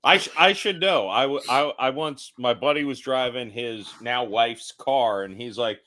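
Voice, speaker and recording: A man's voice: mid-range voice, moderate pace, few pauses, pushed and bright. A man co-hosting a casual talk show, reacting to stories and stumbling into jokey asides of his own. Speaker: podcast co-host. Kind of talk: casual chat.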